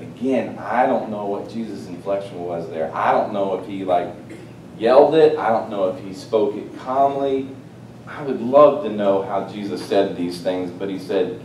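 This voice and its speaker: A man preaching a sermon, swinging between loud, excited exclamations and hushed, quiet asides. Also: moderate pace. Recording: roomy, distant mic with faint rumble.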